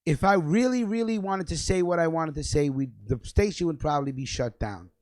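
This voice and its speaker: A man's voice: on the high side, a little fast, a little mellow, dry recording. A young man hosting a radio show, delivering a fiery, profane, repetitive freestyle rant.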